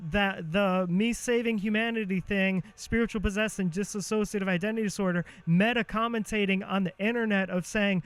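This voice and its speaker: High-voiced profane rambling man. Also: clean tone, no echo. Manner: profane, self-mocking, shifts cadence and pitch on purpose. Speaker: podcast host. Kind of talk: rambling monologue.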